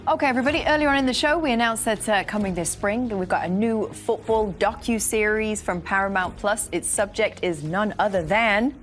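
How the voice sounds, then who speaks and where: A woman hosting a studio football show, reading schedules and handing to guests in a brisk, upbeat way. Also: mid-range voice, music in the background. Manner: brisk, upbeat presenter delivery. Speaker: host. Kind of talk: studio sports show presenting.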